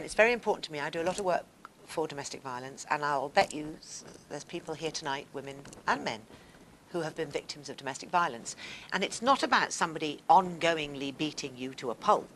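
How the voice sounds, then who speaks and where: A woman's voice: low voice, a little hiss or hum. An older woman telling personal stories expressively to a live audience, acting out the scenes. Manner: expressive, animated, acts out scenes. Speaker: guest speaker on stage. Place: stage before a live audience.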